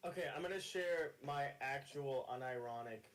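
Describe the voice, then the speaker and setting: A man with a mid-range voice who chats casually and thinks out loud. He poses rhetorical questions in a wondering tone. Faint noise and clicks sit behind him. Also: mid-range voice, moderate pace, rough recording. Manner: musing, asks rhetorical questions. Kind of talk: casual chat.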